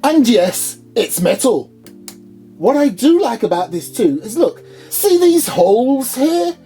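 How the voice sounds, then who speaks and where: A man doing an upbeat, high-pitched reviewer persona, playfully showing off a product in his small home studio. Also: big pitch swings, slow, mellow, faint music behind, exaggerated voice. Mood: enthusiastic. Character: chirpy high-voiced male gun reviewer persona.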